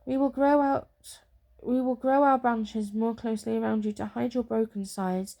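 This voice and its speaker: A woman voicing a gentle, reassuring beech tree in a soft, whispered role-play. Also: on the high side, fairly even intonation, normal speed, gravelly.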